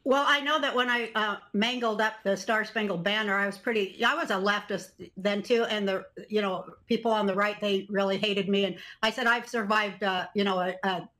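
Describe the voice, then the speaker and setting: A woman's voice: mid-range voice, fairly even intonation, normal speed, few pauses, fairly bright tone. An older woman comedian answering interview questions in a wry, rambling way. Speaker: guest comedian.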